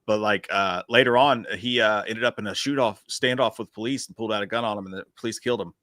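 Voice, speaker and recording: Male co-host, bright tone, dry close mic, laid-back, swears casually, reads viewer comments. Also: lowish voice, fast talker, dry recording. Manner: laid-back, profane, laughs easily. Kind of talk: casual live-stream chat.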